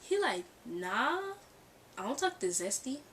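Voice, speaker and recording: Young woman, casual storytime vlog, animated, acts out dialogue, mid-pitch voice, somewhat distant mic, faint street noise behind. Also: moderate pace. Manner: animated, acts out quoted dialogue, laughs often. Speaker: storytime vlogger. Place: bedroom near a street. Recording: mic set back, faint background ambience. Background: cars passing outside.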